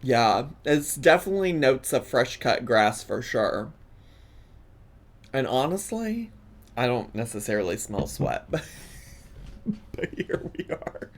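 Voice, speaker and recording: A man's voice: mid-range voice, very animated, slow pace, pauses often. A man in his thirties giving casual, playful reaction commentary, laughing often. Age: 30s. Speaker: YouTube reaction host.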